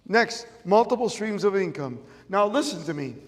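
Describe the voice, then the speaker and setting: A man's voice: sits high, animated, normal speed. A middle-aged man with a Chicago accent giving a motivational stage talk, emphatic and repeating his key phrases. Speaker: motivational speaker. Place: event room with audience. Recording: long reverb of a large room.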